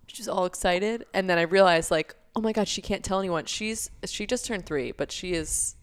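A woman's voice: mid-range voice, normal speed, hardly any pauses, clear, resonant tone. A young woman co-hosting a podcast, telling a story in a chatty way with lots of fillers. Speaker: podcast co-host. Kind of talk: casual chat.

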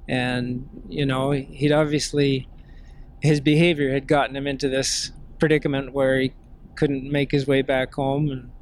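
Soft-spoken man recalling a memory. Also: mid-range voice, a little hiss or hum. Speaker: interview guest. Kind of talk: storytelling in an interview.

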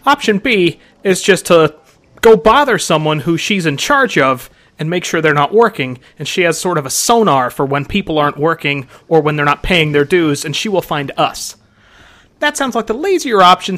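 Male player, lively and playful, bright, tense tone, slightly higher voice. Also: moderate pace. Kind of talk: casual tabletop game play.

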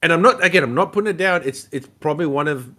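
A man's voice: a little high, expressive, rapid-fire, bright, forceful tone. A man giving his opinions as a podcast guest, casual and rambling, with many restarts and the odd swear word. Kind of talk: casual chat.

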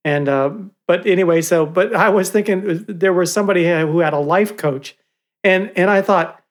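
A man's voice: high voice, normal speed. Older man, father, storytelling, chuckling, casual chat. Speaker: father, podcast co-host.

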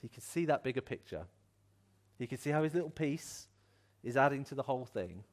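A man's voice: medium pitch, fairly quick. A man preaching a sermon in an earnest, encouraging way, acting out voices as he tells stories. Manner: animated, acts out voices in a story.

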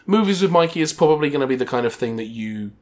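A man's voice: mid-range voice, lively intonation, quick pace. A man co-hosting a movie podcast, wry and chatty as he makes plugs and jokes. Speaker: podcast co-host. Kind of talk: casual chat.

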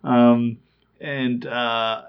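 A man's voice: medium pitch, flat delivery, very slow, clear, resonant tone. Male co-host, rambling chatty talker, slightly muffled recording. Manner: chatty, rambling, laughs at his own stories. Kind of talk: casual chat. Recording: slightly dull lo-fi sound.

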